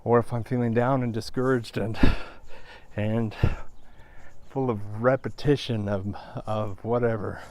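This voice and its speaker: A man's voice: on the low side, fairly even intonation, a little slow, a little mellow. A middle-aged man talking to viewers on a walk, out of breath and subdued, with sighs and restarts. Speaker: vlogger. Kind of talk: casual vlog monologue.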